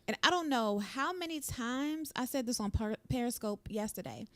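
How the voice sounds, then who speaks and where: A woman's voice: fairly high pitch, expressive, normal speed, a bit bright, no echo. A woman guest on a talk show, earnestly explaining her writing in a reflective way. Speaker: guest author. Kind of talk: casual chat.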